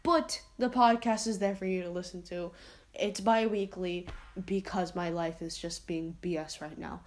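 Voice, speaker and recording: A woman's voice: on the low side, fairly even intonation, normal speed. A woman hosting her own podcast, wrapping up a solo episode with rambling, self-deprecating asides, many fillers and restarts, and anxious apologies. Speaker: podcast host. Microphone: home podcast mic, uneven volume.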